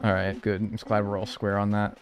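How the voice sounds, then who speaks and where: A man's voice: lowish voice, monotone, a little fast, soft background music. A man chatting casually with his live-stream audience, playful and mock-outraged, swearing as he jokes.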